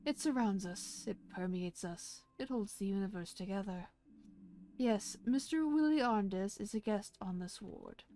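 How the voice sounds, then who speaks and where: A woman voicing a serene, philosophical sage doctor who speaks slowly and solemnly. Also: mid-range voice, lively intonation, dark tone.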